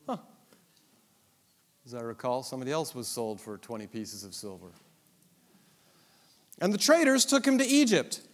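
Preacher, high animated voice, wry storyteller, church hall reverb. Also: male voice, moderate pace, pauses often. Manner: humorous, dramatic storytelling. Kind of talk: sermon.

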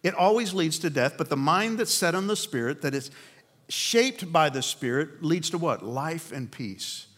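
Brief: male preacher, earnest sermon delivery, slightly higher voice, rhetorical pauses. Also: lively intonation, fairly bright tone. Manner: earnest, rhetorical questions, slows for emphasis. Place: room with a men's group.

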